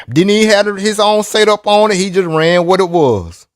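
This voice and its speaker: A man's voice: sits high, lively intonation, measured pace, dry recording, clean studio sound. A man talking loosely and teasingly in a casual chat about RC racing, with plenty of restarts. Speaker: RC racing vlogger.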